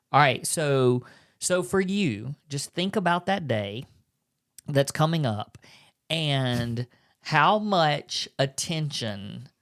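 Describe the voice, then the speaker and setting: A man co-hosts a relaxed podcast about marriage. He backs up his partner with frequent mm-hmms and talks in halting restarts as he works out his thoughts. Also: medium pitch, clean tone. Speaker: podcast co-host. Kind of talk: casual marriage podcast chat.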